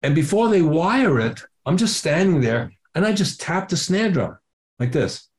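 A man's voice: on the high side, very animated, moderate pace. An older man, a drummer being interviewed, telling a story with lots of acted-out quotes and casual swearing. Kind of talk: animated anecdote telling.

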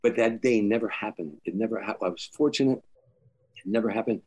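Older man, low-pitched, storyteller, interview guest, stammers and restarts. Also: brisk. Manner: animated storyteller, acts out quotes, stammers and restarts. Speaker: comedian telling stories as a guest.

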